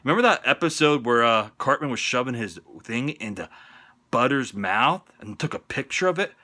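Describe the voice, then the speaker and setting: A man from the northern United States giving sports picks on his vlog in a profane, sarcastic rant, jumping between loud jabs and muttered asides. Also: medium pitch, animated, moderate pace. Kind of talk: ranting sports opinion vlog. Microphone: on-camera vlog mic.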